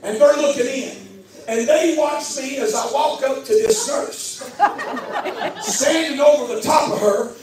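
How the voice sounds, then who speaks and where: A man preaching a sermon as pastor, moving between loud shouted exhortation and quiet tender storytelling. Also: extremely high pitch, a little slow, a crowd in the background. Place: church hall. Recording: echoey hall with music, from far off.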